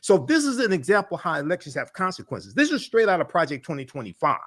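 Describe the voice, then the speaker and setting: Higher-voiced man in fiery political commentary. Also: huge pitch swings, quick pace, fairly bright tone, husky. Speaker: panelist. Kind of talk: political commentary on a panel show.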